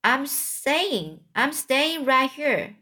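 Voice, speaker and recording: A woman's voice: high voice, sing-song, extremely slow, sharp tone, pitched above the performer's own voice, heavily acted. A woman voicing a greedy, grumbling male rat in a storybook reading.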